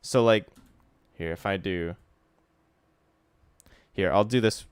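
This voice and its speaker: A man streaming a casual Japanese study session, talking in a relaxed, chatty way and sounding out pronunciation examples aloud. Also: sits low, slow pace, clean tone, no room sound. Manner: frequent fillers like "like" and "so". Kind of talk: casual instructional livestream.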